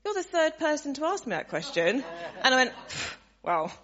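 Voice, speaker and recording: A woman sharing a story with a church gathering, animated and laughing, acting out the voices of the people in it. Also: high-pitched, moderate pace. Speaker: church member sharing a testimony. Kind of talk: casual storytelling to a congregation. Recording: dull sound, long hall reverb.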